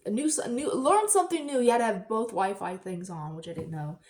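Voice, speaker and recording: A woman's voice: medium pitch, brisk. Chatty woman telling a rambling story. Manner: chatty, rambling, swings into loud excited bursts. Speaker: vlogger. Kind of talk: casual personal storytelling.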